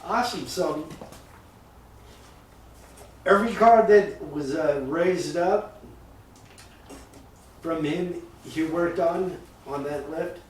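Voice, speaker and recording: High-voiced, slow-talking male host. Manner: enthusiastic short reactions. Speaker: podcast host. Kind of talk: casual interview. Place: garage shop. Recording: very echoey garage, distant mic, faint noise.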